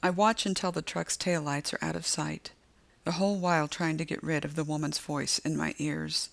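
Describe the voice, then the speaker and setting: A woman's voice: deep voice, level tone, moderate pace, vocal fry, a bit bright. A woman narrating a first-person novel as an audiobook, with tense, vivid storytelling.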